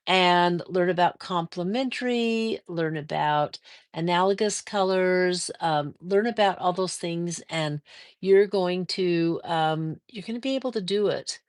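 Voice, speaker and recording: An older woman hosting a casual quilting livestream, reading viewer comments aloud and answering them with chatty encouragement and drawn-out fillers. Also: on the low side, dry recording, studio quality.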